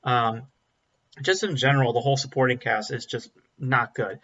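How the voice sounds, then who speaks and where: A man's voice: mid-range voice, steady tone, normal speed, sharp tone. A man giving a casual spoken film review, blunt and rambling, with frequent ums and restarts. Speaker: movie reviewer. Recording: slightly dull lo-fi audio.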